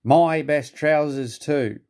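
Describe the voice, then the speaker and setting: A man voicing a stern, pompous railway controller in a storybook reading, speaking crossly and deliberately. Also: on the high side, darkish tone, pitched above the performer's own voice.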